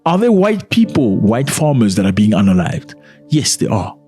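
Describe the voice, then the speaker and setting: Animated male reaction commentator. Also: on the low side, moderate pace, soft background music. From Africa. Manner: animated, indignant, repeats himself for emphasis. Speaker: commentary channel host.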